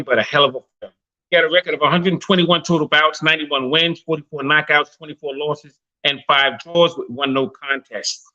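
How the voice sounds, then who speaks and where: A man's voice: on the high side, sharp tone. A man on an online stream recounting boxing history, listing dates and fight records. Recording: dull lo-fi stream audio.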